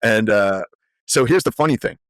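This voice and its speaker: Podcast guest, male, lowish voice, animated storyteller, dry close sound. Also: normal speed, dry recording. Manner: animated, lively storyteller with frequent fillers. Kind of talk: conversational storytelling.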